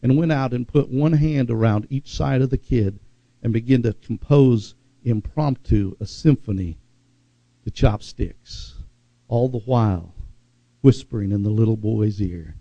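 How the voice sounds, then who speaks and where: A man preaching a sermon in a dark, mellow voice, with dramatic pauses and words drawn out for emphasis. The recording is dry and a little dull, as if lo-fi. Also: medium pitch, dry recording. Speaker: pastor.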